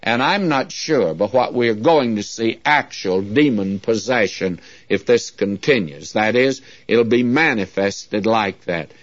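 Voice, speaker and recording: A man's voice: on the low side, animated, measured pace, dry recording. A man preaching a sermon as a Bible teacher, earnest and folksy, often calling his listeners friends. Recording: dull lo-fi dry recording.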